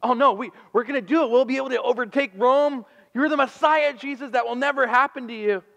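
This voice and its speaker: A man's voice: sits high, animated, a little fast, gravelly, fairly bright tone, long reverb tail, muffled recording, voice pushed up, full character voice. A man voicing an impulsive, overconfident male disciple who blurts out eager, boastful lines, in a sermon retelling.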